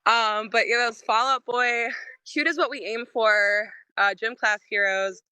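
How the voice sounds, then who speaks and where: A woman's voice: fairly high pitch, fairly even intonation, moderate pace, bright, forceful tone, clear, resonant tone, dry recording, low-quality recording. A young woman musician, a guest on a podcast, chatting casually and rambling with lots of "like" and frequent laughter. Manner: rambling, heavy use of "like", laughs often.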